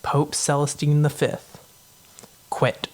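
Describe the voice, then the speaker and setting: A man voicing an old pope who calmly and offhandedly announces his resignation. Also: a little high, slow. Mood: deadpan. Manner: offhand, deadpan. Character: matter-of-fact old male pope quitting his job.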